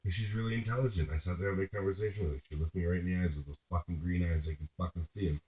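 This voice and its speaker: A deep-voiced man rambles through a crude, winding story, swearing freely and stumbling over his own restarts. He sounds like he's in an echoey room, and the audio comes through thin and phone-like. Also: fairly even intonation, very fast. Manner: profane, meandering, restarts mid-sentence.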